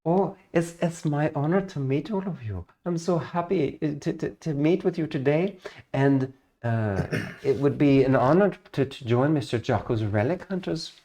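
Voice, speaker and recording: A man voicing a sweet, reserved female elven ranger, speaking in a put-on accent with courteous, halting phrasing. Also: fairly high pitch, animated, mellow, voice pushed up. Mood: polite. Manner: courteous, halting speech with many restarts.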